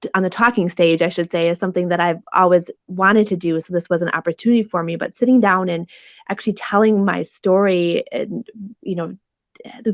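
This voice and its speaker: A woman's voice: on the low side, no echo. Affirming woman podcast host, dry sound. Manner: warm and affirming, asks reflective questions. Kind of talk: conversational interview.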